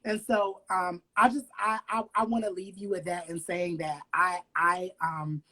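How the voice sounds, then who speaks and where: Husky guy guesting on a livestream, gushing and heartfelt, keeps restarting. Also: high-pitched, level tone, moderate pace, pushed and bright, poor audio. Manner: effusive, heartfelt, stumbling restarts. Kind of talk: casual livestream chat.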